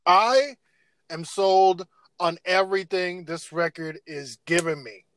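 Earnest man, somewhat high voice. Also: takes it slowly, fairly bright tone, no echo. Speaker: podcast co-host. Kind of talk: casual chat about records.

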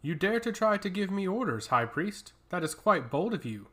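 A woman's voice: lowish voice, sing-song, moderate pace, fairly bright tone. A man voicing a powerful female nature mage who speaks in a cold, taunting and commanding way.

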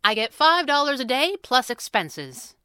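A woman's voice: medium pitch, animated, moderate pace, bright, forceful tone, clear, resonant tone, no echo. A woman reading a storybook, voicing a teasing, mercenary young woman detective with a dry manner.

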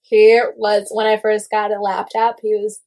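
A young woman in casual gossip chat, animated and full of "like" fillers, swearing freely. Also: mid-range voice, unhurried.

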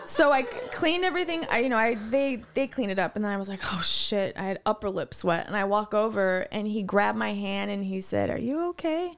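A woman co-hosting a podcast, telling animated, rambling anecdotes in casual chat. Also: medium pitch, brisk, creaky, hardly any pauses. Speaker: podcast co-host.

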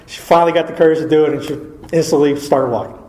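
A man's voice: fairly high pitch, rapid-fire, warm tone. A man reading aloud from an old religious book, breaking in with casual asides and chuckles. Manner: informal asides, chuckling, frequent fillers. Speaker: Catholic speaker reading from a saint's life. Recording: echoey room.

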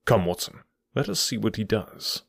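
A keen, commanding detective questions his companion in an audiobook, played by a man. He sounds eager and probing, sometimes sinking to a hushed murmur. The voice sits low and the recording is dry. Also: lively intonation, moderate pace, creaky, dry recording, heavily acted. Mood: cool. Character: keen, commanding middle-aged male detective. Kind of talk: audiobook character voice.

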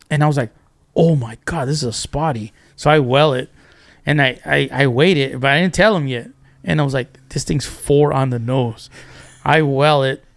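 The voice is a man's, mid-range and creaky. Appearing as a podcast guest, he shares fishing stories casually and animatedly, performing quotes and often starting over.

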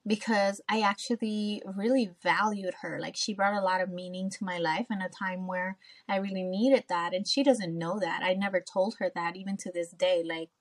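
A woman's voice: mid-range voice, steady tone, normal speed. A woman hosting a podcast, telling a personal story in casual chat. She speaks candidly, swears freely and acts out her own past remarks. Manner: candid, swears freely, tells stories with quoted asides. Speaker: podcast host.

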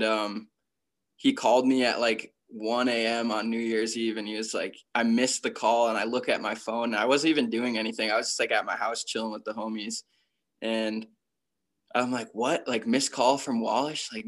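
A young man from Connecticut, USA, who skis freestyle professionally, spins career stories for a casual interviewer. He talks at normal speed in a level, medium-pitched voice that's a bit bright, and his speech is loose slang crowded with "like."

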